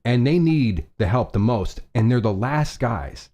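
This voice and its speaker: A man's voice: mid-range voice, expressive, a little slow, mellow. A man hosting a casual fashion live stream, chatty and rambling, often restarting and laughing at himself.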